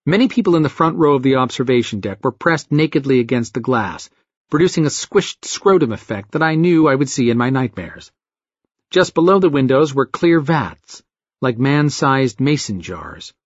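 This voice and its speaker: A man narrating a first-person story in an expressive, wry way, with a husky voice. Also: medium pitch, moderate pace, dry recording. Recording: dull dry lo-fi recording.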